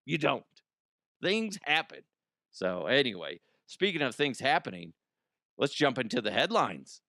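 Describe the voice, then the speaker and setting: A middle-aged man with a medium-pitched, bright, forceful voice hosts a podcast, delivering a rambling, profane comedic monologue at normal speed and laughing at his own jokes. He sounds very animated and congested from allergies, captured in a dry, clean studio recording.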